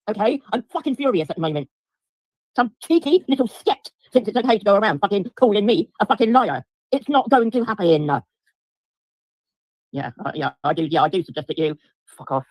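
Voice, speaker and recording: A woman's voice: medium pitch, big pitch swings, brisk, darkish tone, no room sound. Swearing woman ranting on a livestream. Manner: swears heavily, repeats herself, addresses chat viewers. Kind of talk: angry livestream rant to viewers.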